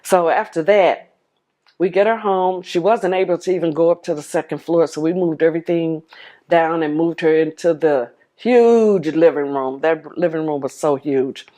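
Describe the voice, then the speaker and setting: A woman's voice: sits low, moderate pace, warm tone. A woman telling her life story to the camera, heartfelt and vivid, replaying old conversations as dialogue. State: tearful at moments.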